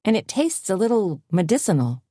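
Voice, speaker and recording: A woman voicing a calm, level-headed café owner in an audiobook, speaking evenly and dryly. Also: mid-range voice, slightly rough, no echo, pitched above the performer's own voice. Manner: even, dry and measured.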